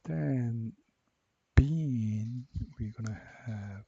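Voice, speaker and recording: A man walking through a software assignment step by step, repeating each instruction slowly. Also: mid-range voice, creaky, dull audio, a little hiss or hum. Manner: slow, step-by-step, repeats cell names. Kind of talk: screen-recorded software tutorial.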